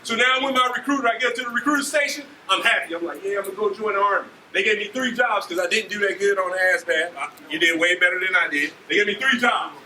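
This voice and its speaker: A man in his forties from Ohio, an army leader telling students animated stories and often asking "right?". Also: high-pitched, fast, hardly any pauses. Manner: animated, acts out scenes, keeps asking "right?". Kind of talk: motivational storytelling speech. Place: school auditorium. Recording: echoey hall from far off, faint noise.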